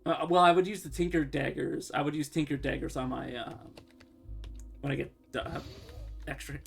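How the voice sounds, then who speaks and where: Gravelly-voiced man streaming a game. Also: fairly high pitch, moderate pace. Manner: rambling, swears often, talks to game characters. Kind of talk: casual gameplay commentary. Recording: faint game music underneath.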